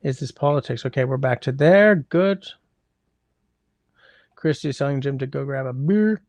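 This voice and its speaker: Reading his chat, a livestream host rambles casually into a close mic, throwing wry remarks to viewers. His voice is gravelly, middle-pitched, and darkish, expressive at a moderate pace, with dry, close sound and no echo.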